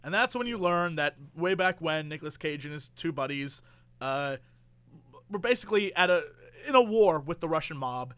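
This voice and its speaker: A man's voice: on the high side, normal speed, clear, resonant tone, no room sound. A man in casual chat, animatedly retelling a movie plot and acting out the characters' lines. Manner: animated storyteller, acts out quotes.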